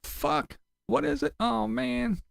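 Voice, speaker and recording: Man doing a mocking impression, whiny older van dweller, high and swooping, gravelly, cursing, dry close sound. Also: slow pace, no room sound, heavily acted. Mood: complaining. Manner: mocking, complaining, profane.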